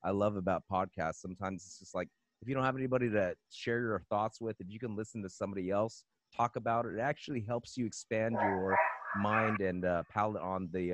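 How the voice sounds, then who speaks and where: Rambling through a casual podcast chat as a guest musician, a man leans heavily on fillers, repeating "man" and "you know." His voice is on the low side, with no room sound.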